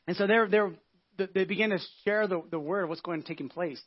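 Male pastor, casual sermon, high voice, quick delivery, muffled lo-fi sound. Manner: animated storytelling with many restarts and asides. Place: church.

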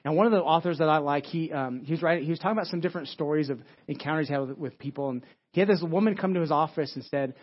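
A pastor with a fairly high voice preaches very fast and conversationally, frequently repeating words, restarting, and saying "right?". The audio is dull and lo-fi.

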